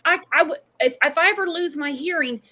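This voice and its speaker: Woman host, high-pitched, bright tone, chatty and teasing. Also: a little fast. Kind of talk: casual livestream chat.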